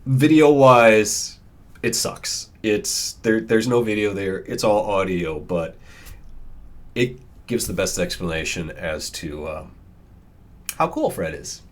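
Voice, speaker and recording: A man's voice: on the low side, takes it slowly. Subdued man giving a vlog tribute. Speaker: vlogger. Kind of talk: vlog intro.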